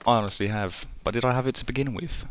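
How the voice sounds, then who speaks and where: A man's voice: medium pitch, fast talker. A young man with a Bristolian accent chatting casually while streaming a game, rambling and self-mocking, laughing at himself. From England. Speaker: live streamer. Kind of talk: casual gameplay chat.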